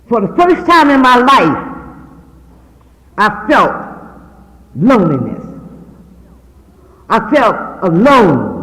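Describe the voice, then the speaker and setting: A woman's voice: lowish voice, fairly bright tone. A woman giving a personal testimony to an audience, earnest and acting out the people she quotes. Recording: long hall reverb.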